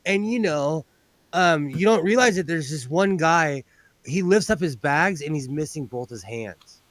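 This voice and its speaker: A man's voice: a little high, animated, a little slow, a bit bright, no echo. A man hosting a casual chat while sewing, rambling and telling stories with animation. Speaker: host.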